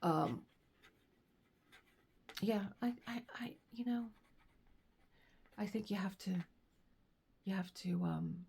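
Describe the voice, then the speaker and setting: A woman's voice: mid-range voice, takes it slowly, gravelly, long pauses, darkish tone, husky. A woman vlogger in casual chat, rambling and laughing as she reads aloud and tells stories. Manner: rambling, chatty, laughs often. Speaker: crafting vlogger.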